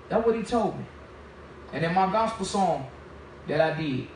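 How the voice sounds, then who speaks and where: A man preaches his testimony with a high, bright voice, telling the story with animation and slipping into the voices of the people in it. He stands away from the mic, and the room rings with heavy echo under a faint background hiss. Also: normal speed, long pauses. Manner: animated storytelling, acts out dialogue. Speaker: minister giving testimony. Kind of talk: testimony sermon. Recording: very echoey, distant from the mic.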